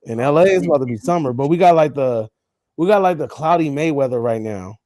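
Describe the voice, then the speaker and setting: A man co-hosts a casual live stream and keeps the talk loose and joking, cursing as he goes. His voice sits a little high and moves around a lot. The sound is close and dry. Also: animated, fast talker, dark tone, no echo.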